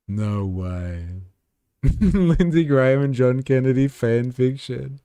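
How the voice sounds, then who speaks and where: A man's voice: medium pitch, unhurried, dark tone, clean tone, no echo, studio quality. A man hosting a livestream, casually commenting on news clips with sarcastic, profane reactions. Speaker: livestream host.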